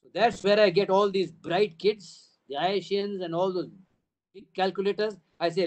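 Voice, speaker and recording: A man's voice: sits high, fairly even intonation, moderate pace, darkish tone. An older man with an Indian English accent giving a town hall address to parents as a school trust's chief, emphatic, building points through repeated phrases and rhetorical questions.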